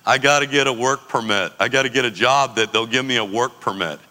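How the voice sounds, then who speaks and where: A man's voice: medium pitch, fairly quick, bright, forceful tone. A middle-aged man casually telling stories, laid-back and profane, laughing often and acting out other people's lines. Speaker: coffee business founder telling stories. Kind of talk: casual storytelling. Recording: long hall reverb.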